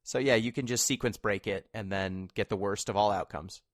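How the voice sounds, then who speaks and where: A man's voice: fairly low pitch, normal speed, no room sound, clean studio sound. A man co-hosting a casual podcast chat, explaining things at length with wry asides. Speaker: podcast co-host.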